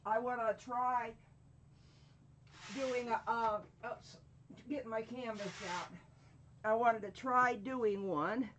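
Slow, chatty woman painting on a livestream. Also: a little high, fairly even intonation, fairly bright tone, slight background noise. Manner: chatty, greets viewers by name while working; slow, drawn-out speech with frequent fillers. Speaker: craft channel host. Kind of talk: live-stream painting tutorial chat.

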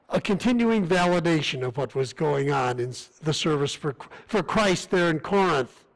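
A man with a high-pitched voice delivers a sermon in a church sanctuary as a visiting missionary. Earnest and conversational, he keeps restarting his thoughts, captured on a rough recording.

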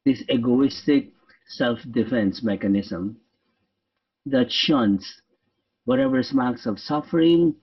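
A man, a priest, leading a guided meditation in a slow, reflective way with frequent pauses. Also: medium pitch. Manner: slow, reflective, pausing often. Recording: dull, lo-fi sound from a distant mic.

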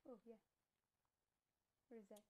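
A woman chatting casually while playing a video game, jumpy and quick to yelp and laugh. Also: fairly high pitch, low-quality recording. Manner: excitable, yelps and laughs often. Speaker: gamer. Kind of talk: casual gameplay chat.

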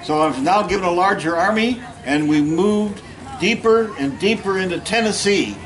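On a low-quality recording, a man with a high, fairly everyday-sounding voice speaks at a moderate pace. A historical reenactor at an outdoor park event, he plays a middle-aged, plainspoken Union general from the Civil War, giving a first-person living history talk with folksy stories and jokes for the audience.

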